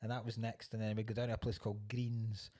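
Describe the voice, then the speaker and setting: A man's voice: on the low side, little pitch movement, fast, mellow. A Scottish man co-hosting a comedy podcast, telling a long story in a casual chat, swearing freely and laughing often. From Scotland. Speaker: podcast co-host.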